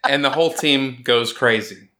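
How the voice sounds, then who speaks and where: A man hosting a casual sports podcast, talking in an animated, rambling way that keeps interrupting itself. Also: medium pitch, normal speed. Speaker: podcast host.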